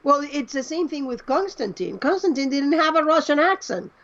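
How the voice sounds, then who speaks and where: Woman on a podcast, bit high voice, dull muffled audio, goes on explaining. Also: normal speed. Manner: animated, explains at length. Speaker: podcast co-host. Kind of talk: casual fan podcast chat.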